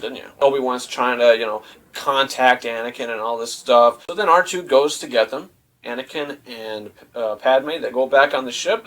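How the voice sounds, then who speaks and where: A young man casually reviewing a movie, retelling scenes in a rambling, animated way with lots of fillers. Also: mid-range voice, rough recording.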